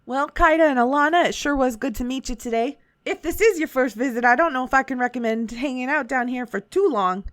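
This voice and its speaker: A cagey, friendly handyman drawls in a put-on Southern voice, as a woman plays him. He stumbles over his words in a folksy, roundabout way. The sound is close and dry, with a fairly high voice underneath. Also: brisk, few pauses, no room sound, lightly acted. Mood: curious. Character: shady folksy male handyman tinkerer, friendly but cagey.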